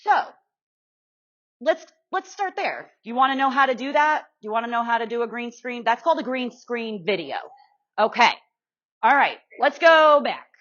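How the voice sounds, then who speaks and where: A woman's voice: fairly high pitch, lively intonation, normal speed, fairly bright tone. A woman giving a live workshop demonstration to an audience in a meeting room, chatty and self-deprecating, checking in with her listeners over and over. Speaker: guest speaker teaching social media to real estate pros. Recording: muffled lo-fi sound.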